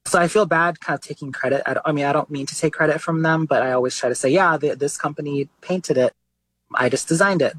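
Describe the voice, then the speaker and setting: A man, an artist being interviewed, talking in a relaxed, chatty way with many fillers. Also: on the high side, fast, low-quality recording. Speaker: artist guest. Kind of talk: casual interview talk.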